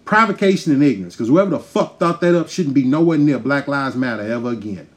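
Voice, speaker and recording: A man's voice: mid-range voice, expressive, quick pace. A man hosting a podcast, delivering a heated, profane, emphatic rant straight to his listeners. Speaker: podcast host. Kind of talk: ranting monologue.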